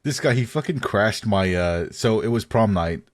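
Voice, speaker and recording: A man's voice: lowish voice, lively intonation, moderate pace, no echo, studio quality. A young adult man co-hosting a podcast, telling a story in casual chat with lots of "like" fillers and giggles. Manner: rambling, heavy with "like" fillers, giggly. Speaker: podcast co-host.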